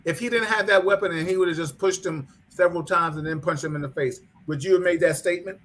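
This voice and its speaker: A man's voice: sits high, fast, a bit bright. A man co-hosting a talk show who keeps cutting in and repeats words as he tries to make his point. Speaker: podcast co-host.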